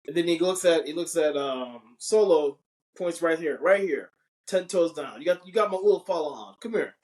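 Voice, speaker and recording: A man co-hosting a podcast, animated and opinionated, often restarting his sentences while grading matches. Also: on the high side, moderate pace. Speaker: podcast co-host. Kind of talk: casual wrestling review chat.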